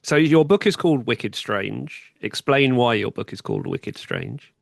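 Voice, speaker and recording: A man's voice: medium pitch, lively intonation, unhurried, gravelly, no room sound, studio quality. A man hosting a podcast, who asks thoughtful questions and often restarts his phrases in a casual interview. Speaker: podcast host.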